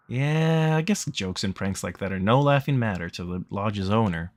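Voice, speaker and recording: A man's voice: on the low side, animated, normal speed, dry recording. Casual joking man reading a visual novel. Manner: casual, joking, laughs a lot. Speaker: streamer reading a game.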